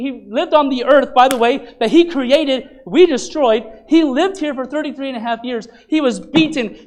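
Passionate preacher man, loud to hushed. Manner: swings from loud urgent preaching to very soft, low pleading; repeats phrases and restarts mid-sentence. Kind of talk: sermon.

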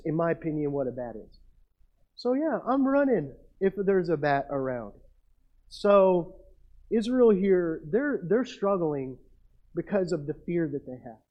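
High-voiced pastor preaching a sermon. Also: male voice. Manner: storytelling, self-mocking, builds to emphatic peaks. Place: church. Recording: muffled lo-fi sound.

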